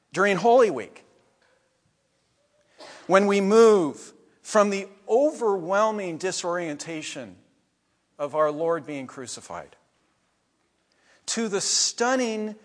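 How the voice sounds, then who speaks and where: A man preaching a sermon in a church, his voice sitting high and his pace unhurried. He lets the ends of phrases drop away quietly. The sanctuary leaves a long reverb trailing behind each word. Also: lively intonation. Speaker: pastor.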